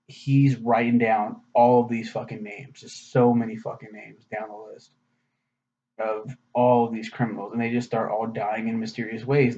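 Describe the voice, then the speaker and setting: A man's voice: mid-range voice, darkish tone. A man giving a casual, rambling anime review, profane and sarcastic in a loose, offhand way. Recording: slightly muffled lo-fi audio.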